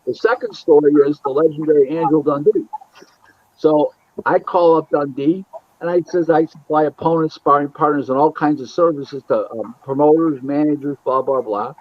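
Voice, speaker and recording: Boxing matchmaker, male, from Buffalo; lively interview storyteller who acts out dialogue, on a dry and muffled line. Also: on the high side, normal speed, no echo. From Buffalo, New York. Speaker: boxing matchmaker and booking agent. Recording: dull, lo-fi, dry sound.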